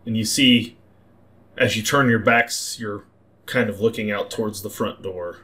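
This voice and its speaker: A man narrating a tabletop role-playing game as game master, describing scenes in a halting, repeating way. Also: fairly low pitch, pushed and bright.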